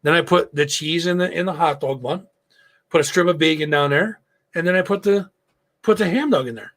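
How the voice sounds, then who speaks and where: Middle-aged male host, gravelly, slightly high voice, casual rambling storyteller with lots of cursing. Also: brisk, a bit bright. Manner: loose storytelling, frequent swearing and fillers. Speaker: live show host. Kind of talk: casual live-stream chat.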